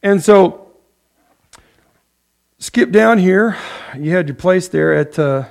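Gravelly high-voiced male pastor preaching. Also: slow pace. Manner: conversational, many fillers and restarts, acts out prayers. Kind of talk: sermon.

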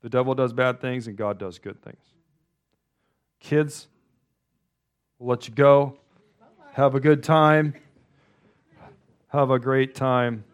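Male pastor, middle-of-the-road pitch, chatty and rambling sermon delivery with frequent restarts. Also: steady tone, slow pace, pauses often, clear, resonant tone. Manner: rambling, loose, restarts often. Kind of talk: conversational sermon.

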